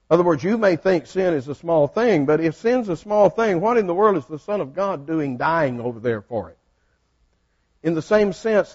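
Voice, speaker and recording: A man teaches a Bible study in a folksy, conversational way and keeps turning questions back to his class. His voice sits a little high. The recording is dull and lo-fi. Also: darkish tone. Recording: dull lo-fi sound.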